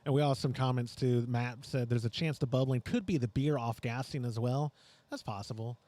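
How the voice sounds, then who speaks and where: A man's voice: medium pitch, a little fast, mellow, no echo. A man hosting a homebrewing podcast in casual, joking, rambling chat. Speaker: podcast host. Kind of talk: casual live-stream chat.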